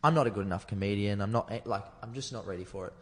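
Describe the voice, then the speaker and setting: Low-voiced Australian man, candid storyteller. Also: very fast, in a large hall, slight background noise. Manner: candid, rambling, swears freely. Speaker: comedian guest. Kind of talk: candid storytelling in casual chat.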